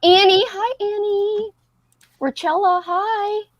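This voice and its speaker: A young woman with a high, bright-pitched voice hosts a casual group livestream. She talks in a bubbly, giggly, slightly scattered way, calling out names from the chat. The sound is close and dry. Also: steady tone, slow pace, no room sound. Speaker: livestream host.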